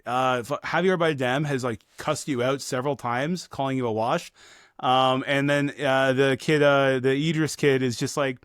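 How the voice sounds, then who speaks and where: A man co-hosting a casual film podcast, talking in a rambling, profane way and slipping into quick impressions of movie scenes. His voice sits at a middle pitch and is recorded dry and close. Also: steady tone, a bit bright, clean tone, no echo. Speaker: podcast co-host. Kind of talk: casual film review chat.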